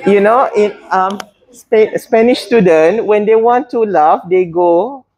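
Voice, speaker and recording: Husky woman teaching a class. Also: mid-range voice, slow, darkish tone. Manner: hesitant, many fillers and restarts, asks students questions. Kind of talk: classroom botany lesson.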